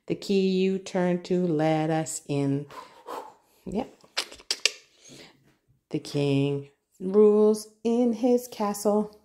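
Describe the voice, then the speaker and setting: A mother reads through an alphabet workbook with her child, spelling each word out letter by letter. Her voice sits a little low and carries a gravelly edge, and she takes her time, repeating back whatever the child prompts. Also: drawn-out words, pauses often, warm tone.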